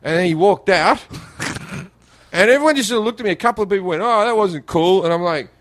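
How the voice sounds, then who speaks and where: A man from Australia spins loose, rambling stories with plenty of laughter and false starts. His pitch sits a little high and swings widely as he talks. The sound is close and dry. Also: lively intonation, fast, a bit bright, dry recording. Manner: rambling, laughing anecdotes with restarts. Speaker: comedian guest. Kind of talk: casual storytelling chat.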